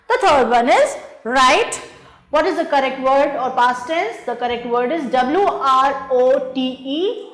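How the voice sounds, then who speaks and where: A woman teacher, patiently walking through a grammar exercise and spelling words letter by letter. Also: sits high. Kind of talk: slow spelled-out grammar lesson. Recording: echoey room.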